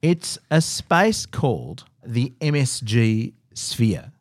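A man's voice: mid-range voice, big pitch swings, takes it slowly, no room sound. A man co-hosting a podcast, chatting casually and teasing his co-host with dry jokes. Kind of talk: casual chat.

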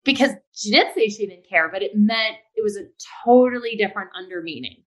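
A woman's voice: medium pitch, brisk. Emphatic middle-aged woman co-host. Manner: emphatic and opinionated, breaks in to make her point. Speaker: podcast co-host. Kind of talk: casual podcast chat.

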